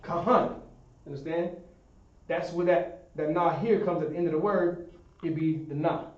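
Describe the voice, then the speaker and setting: A man's voice: on the high side, fairly even intonation, normal speed. Man teaching a class, echoey room. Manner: explains step by step, often asks "understand?". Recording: echoey room, distant dull sound.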